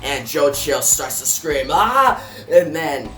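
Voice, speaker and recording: A man's voice: mid-range voice, fairly even intonation, measured pace. Man, comic book recap, plain narration, sound effects, echoey room, faint music. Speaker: comic reviewer. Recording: roomy echo, faint music.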